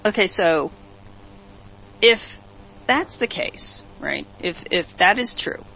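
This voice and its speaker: Gravelly host firing rhetorical questions. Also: medium pitch, lively intonation, takes it slowly. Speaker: talk show host. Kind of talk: opinionated commentary reading news quotes. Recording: dull lo-fi recording.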